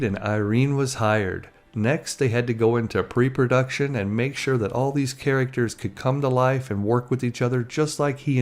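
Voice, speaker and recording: A man's voice: medium pitch, a little mellow. A man narrating a biography in a chatty storytelling manner. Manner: chatty, acting out quoted lines.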